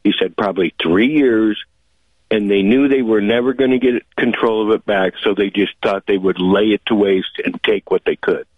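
A man's voice: on the low side, moderate pace, no echo. Chatty male caller on a phone line. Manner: chatty storyteller, many fillers. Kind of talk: call-in radio talk.

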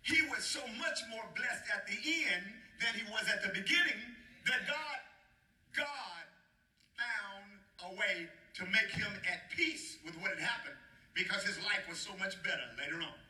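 A man's voice: high-pitched, animated, moderate pace, pushed and bright. A male pastor preaching a sermon with call-and-response, urging the congregation to answer and chuckling between phrases, in a church. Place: church sanctuary. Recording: roomy, mic at a distance.

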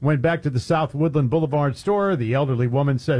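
Husky man with wry radio banter. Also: medium pitch, quick pace, hardly any pauses, a little mellow. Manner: wry, sarcastic storytelling. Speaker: radio co-host. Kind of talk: casual radio chat, reading news stories.

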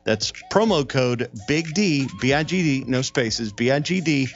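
A man's voice: animated, measured pace. A man hosting a radio show, doing an upbeat live ad read and then joking with his co-hosts. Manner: upbeat sales pitch, spells out promo code. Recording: muffled radio broadcast with faint music.

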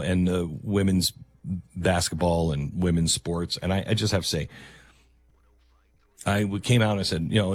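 A man hosting a talk radio show, delivering a sarcastic, mocking monologue. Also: fairly low pitch.

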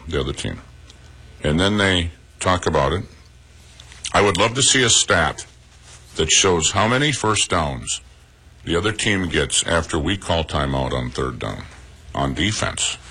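Male sports reporter, low bright husky voice, casual and halting. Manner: plain, relaxed delivery with frequent pauses and "uh"s, offering personal opinions. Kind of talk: local radio sports report.

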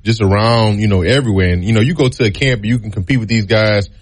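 A man telling stories from his football days in a relaxed interview, acting out the people he quotes. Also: fairly low pitch, fast talker. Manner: relaxed storytelling, acts out quoted voices. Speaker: guest, former college football player. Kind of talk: casual storytelling interview.

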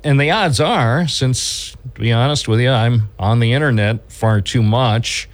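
A man's voice: mid-range voice, measured pace, hardly any pauses. A man hosting a radio talk show, rambling along and restarting his sentences as he chats with a caller. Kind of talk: casual radio chat.

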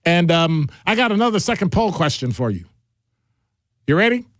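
Animated middle-aged male radio host. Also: normal speed, dry recording, studio quality. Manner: animated, jokey, shifts pitch for quoted voices. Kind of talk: call-in radio talk.

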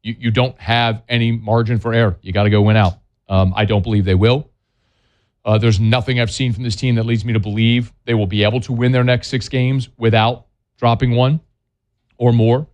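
A man's voice: mid-range voice, fairly even intonation, moderate pace, darkish tone, lo-fi sound. A man hosting a sports talk show, giving blunt, scolding opinions in a plainspoken way. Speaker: sports talk radio host.

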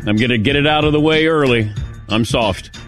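A man's voice: mid-range voice, a little fast, music in the background. A middle-aged man hosting a sports talk radio show, telling a self-mocking story in casual chat.

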